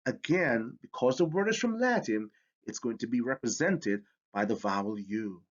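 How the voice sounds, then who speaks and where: A man teaching a spelling lesson, energetic and emphatic, slowing down to sound out words. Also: medium pitch. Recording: dull lo-fi sound.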